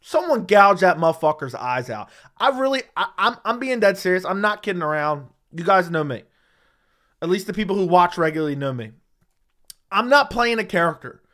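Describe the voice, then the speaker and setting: An MMA commentary host rants hotly and profanely on his livestream, hammering his points into a studio dynamic mic. His voice sits high and fairly bright, with lively intonation and a slightly fast pace.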